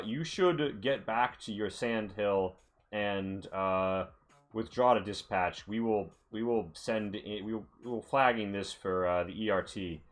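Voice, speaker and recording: A man's voice: lowish voice, lightly acted. A man voicing a formal radio dispatch operator in a tabletop game, talking in stiff, procedural radio language.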